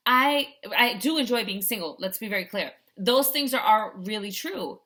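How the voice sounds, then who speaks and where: A woman's voice: a little high, moderate pace, hardly any pauses, bright, forceful tone. A middle-aged woman life coach in a chatty vlog, telling a story and often checking in with "right?". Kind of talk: casual vlog talk to camera.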